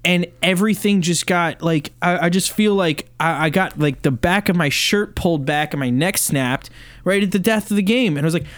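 A man's voice: high-pitched, normal speed, fairly bright tone, no room sound. A man chatting on a sports podcast, heated and rambling, full of fillers and restarts. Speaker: Liverpool fan podcast co-host. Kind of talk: casual chat.

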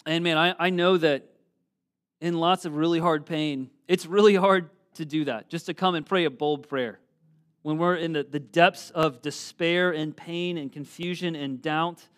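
A middle-aged pastor preaching a sermon, earnest, reading scripture aloud with emphatic swells. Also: male voice, a little high, fairly even intonation, measured pace, fairly bright tone, smooth.

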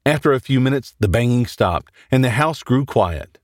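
Man, horror story host, dramatic reading, lively pitch, dry. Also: moderate pace, few pauses, no echo. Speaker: host and narrator. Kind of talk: scripted horror story narration.

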